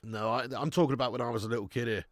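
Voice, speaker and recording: A man's voice: mid-range voice, steady tone, very fast, dry recording, clean studio sound. An English man hosting a live football watch-along, chatting casually with viewers and reading out their comments. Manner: laughs often, calls people mate.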